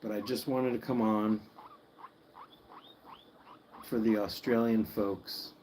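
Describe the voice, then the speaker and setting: Man, sleepy, soft-spoken, slightly low voice, pet livestream chat at home. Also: steady tone, slow pace, slight background noise, low-quality recording. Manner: soft-spoken, cooing to his guinea pigs. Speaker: pet channel host. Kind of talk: late-night livestream chat. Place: home at night, indoors.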